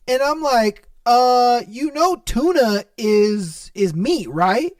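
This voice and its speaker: A man's voice: very high-pitched, lively intonation, slow, few pauses, darkish tone, dry recording, distant mic. A young man hosting a podcast, telling funny customer stories in a casual, profane way and laughing as he goes. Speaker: podcast host. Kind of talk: casual storytelling monologue.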